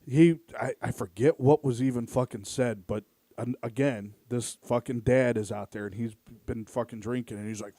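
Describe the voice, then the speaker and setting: A man tells loose, rambling stories on a casual podcast, leaning on filler words and cursing freely. His pitch sits in the middle of the range, and the sound is dry and close with no room echo. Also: steady tone, brisk, dark tone. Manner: rambling, full of "like" fillers, profane. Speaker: podcast host. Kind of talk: casual storytelling chat.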